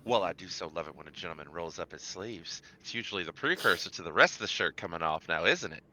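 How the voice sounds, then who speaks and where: A man voicing a flirtatious, gossipy character who loves scandal, teasing with a drawn-out delivery. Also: low-pitched, lively intonation, sharp tone, slight background noise, rough recording. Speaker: tabletop player voicing a character.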